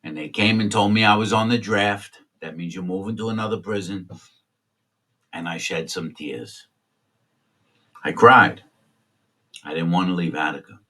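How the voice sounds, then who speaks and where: A former prisoner telling candid stories in a blunt, streetwise way, swearing freely. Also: male voice, deep voice, normal speed, a bit bright, distant mic. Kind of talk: candid storytelling.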